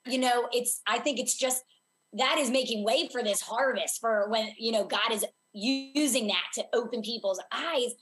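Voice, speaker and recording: A woman's voice: a little high, moderate pace, a bit bright. A woman hosting a talk show, eagerly agreeing and rambling through her thoughts with many restarts. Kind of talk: enthusiastic interview chat.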